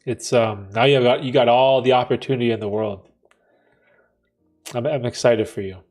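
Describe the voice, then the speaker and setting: Male livestream host at a mid-range pitch, easygoing slangy banter, reading chat aloud, music faint underneath. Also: steady tone, normal speed, a little mellow. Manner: laid-back slangy banter, frequent laughter.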